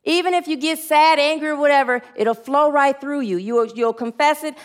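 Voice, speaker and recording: Woman spiritual teacher with a somewhat high voice, earnest sermon delivery and call-and-response affirmations. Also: moderate pace.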